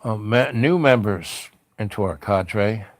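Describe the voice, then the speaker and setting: A man's voice: lowish voice, takes it slowly, dry recording. A man hosting a late-night spiritual livestream, talking in a loose, meandering, heartfelt way with many fillers. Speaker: livestream host. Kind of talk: rambling spiritual livestream talk.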